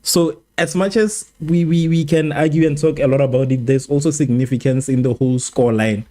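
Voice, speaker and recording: A man's voice: fairly high pitch, moderate pace, soft background music. A man hosting a live football watchalong stream, chatting casually and animatedly with his viewers, repeating himself and joking. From South Africa. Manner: animated, repetitive, joking with chat. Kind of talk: casual match watchalong commentary.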